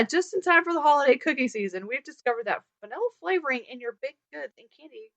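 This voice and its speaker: Lively high-voiced woman, dull lo-fi sound. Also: a little fast, few pauses, no room sound. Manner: animated, bursts into loud laughter, exclaims. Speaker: podcast co-host. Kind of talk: casual chat, reading a news item aloud. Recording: dull lo-fi podcast audio.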